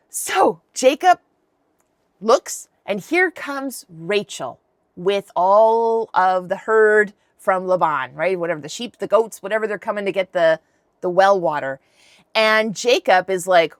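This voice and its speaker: A woman's voice: medium pitch, expressive, measured pace, no echo, clean studio sound. A woman hosting a podcast, retelling a Bible story in a chatty, irreverent, slangy way. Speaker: podcast host.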